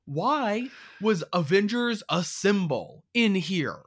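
A woman's voice: medium pitch, expressive, takes it slowly, husky. A woman co-hosting a casual podcast chat, sarcastic, swearing freely and laughing often. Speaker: podcast co-host.

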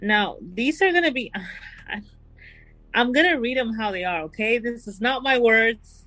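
A woman hosting a casual true crime podcast, telling the story and reading quotes out slowly and deliberately. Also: a little high, lively intonation, sharp tone, dry recording, low-quality recording.

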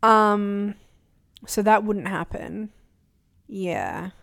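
A woman's voice: mid-range voice, extremely slow, gravelly. A young woman co-hosting a podcast, chatting casually and animatedly about influencer drama. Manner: animated, quotes people in put-on voices. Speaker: podcast co-host. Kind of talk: casual gossip chat.

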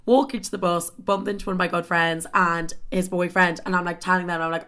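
A young woman telling a story in a casual, animated way, swearing often and saying "like" constantly. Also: on the low side, fast talker, hardly any pauses. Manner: animated, swears a lot, heavy filler "like".

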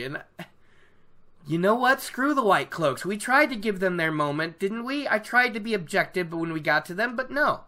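A host giving a casual book recap, animated and opinionated, laughing often. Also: medium pitch, moderate pace.

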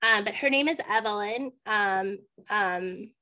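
A woman's voice: mid-range voice, measured pace. A woman guest on a podcast telling a personal story in casual chat, acting out the dialogue and often saying "like". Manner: animated, acts out dialogue, many "like" fillers.

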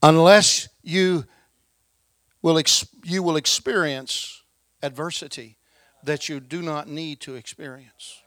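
A man delivers a lively, folksy sermon with plenty of emphasis, shifting between loud stressed lines and quiet asides. His voice is a little high and his pace slow, on a dry recording.

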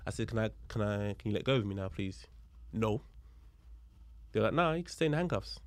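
Animated man telling a story. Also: fairly low pitch, a little fast, no echo. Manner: animated, acts out the voices of people in his story; swears freely and uses street slang. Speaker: podcast guest, police officer. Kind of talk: casual storytelling in a podcast chat.

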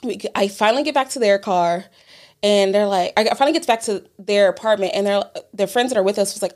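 A woman's voice: mid-range voice, fast, darkish tone. A woman telling a story in casual podcast chat, profane and exasperated, laughing often. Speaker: podcast co-host.

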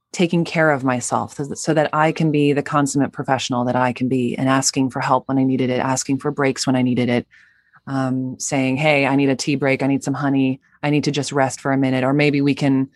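A woman actor chatting as a guest in a casual interview, bubbly and quick to laugh. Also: a bass voice, dry recording.

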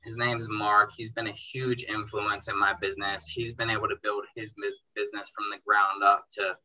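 A young man who runs a car detailing business, telling animated stories in casual chat and acting out dialogue in quotes. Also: lowish voice, moderate pace, low-quality recording. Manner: animated, acts out dialogue in quotes, says bro and dude. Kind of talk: casual storytelling in a podcast chat.

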